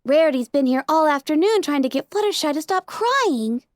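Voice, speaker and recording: A young little-sister unicorn pony with a very high, bright, eager voice, as a woman performs her. Close and dry, like a storybook reading. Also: animated, moderate pace, no room sound.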